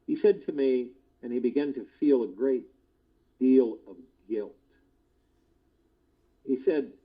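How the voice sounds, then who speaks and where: A man giving a spiritual discourse, slow and deliberate, often repeating his key phrases. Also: mid-range voice, dull audio. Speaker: spiritual teacher.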